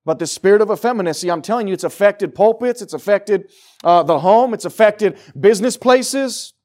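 A man preaching from the pulpit in a fairly high voice. He drives his points hard, then drops low and quiet before building back up. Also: lively intonation, a little fast. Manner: emphatic preaching, swinging from loud declarations to low, quiet asides. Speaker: pastor. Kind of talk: sermon. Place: church.

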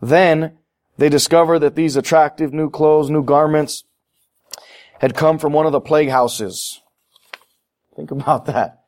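A middle-aged man preaching a sermon, animated, acting out little voices in his asides. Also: mid-range voice, normal speed, pauses often. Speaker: pastor.

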